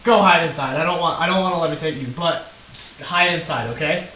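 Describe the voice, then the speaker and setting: A man's voice: on the high side, quick pace, pushed and bright. A man playing a tabletop game, laid-back and joking, laughing often. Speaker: player. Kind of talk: casual tabletop play. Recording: echoey room, mic far off, noisy.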